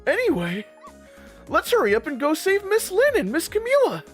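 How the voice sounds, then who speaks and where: A yappy, eager little pup from a video game, chirping his lines high and bright. His pitch sits far above a normal speaking voice and swoops around with excitement. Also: normal speed, faint music behind, exaggerated voice. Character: small eager loyal male dog. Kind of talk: game dialogue read aloud.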